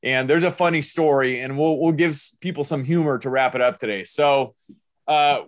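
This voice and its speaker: A man's voice: on the high side, normal speed, no room sound, clean studio sound. An older man hosting a podcast, upbeat and motivational, fond of wordplay. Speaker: podcast host. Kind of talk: casual podcast interview.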